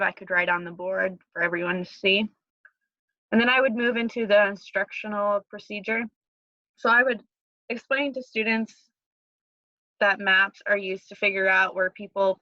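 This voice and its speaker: Woman teacher, monotone lesson-plan walkthrough, dry lo-fi sound. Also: mid-range voice, dry recording. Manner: plain, steady explanation with fillers. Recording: dry, dull lo-fi recording.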